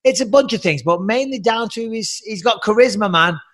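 A man's voice: high-pitched, expressive, a little fast, a bit bright. An English man and former fighter co-hosting a podcast, blunt and jokey with plenty of swearing, talking from home. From England. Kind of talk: casual podcast chat.

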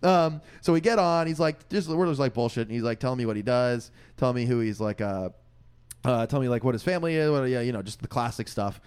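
Fast-talking young man telling a story. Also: smooth. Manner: animated, acts out quoted voices with big pitch jumps. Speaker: podcast co-host. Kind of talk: casual storytelling chat.

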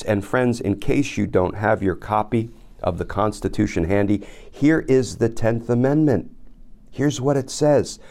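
A man's voice: on the low side, darkish tone. A man hosting a legal commentary podcast, reading a letter aloud and paraphrasing it with sarcastic asides. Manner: sarcastic, addresses the absent target by name; reads quoted letter aloud then paraphrases it. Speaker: podcast host.

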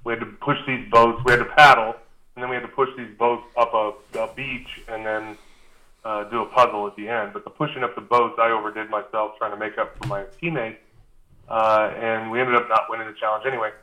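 Man telling a story in a bright voice. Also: fairly low pitch, a little fast, poor audio. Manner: animated, acts out dialogue, frequent "uh" fillers. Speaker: guest recalling a reality show. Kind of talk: casual storytelling.

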